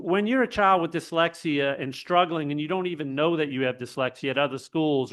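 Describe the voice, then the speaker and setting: Guy testifying, earnest and halting, kinda high voice, smooth clear tone. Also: a bit bright. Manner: earnest, halting, with many restarts, turns emotional. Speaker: public commenter, state legislator. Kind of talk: public testimony at a hearing.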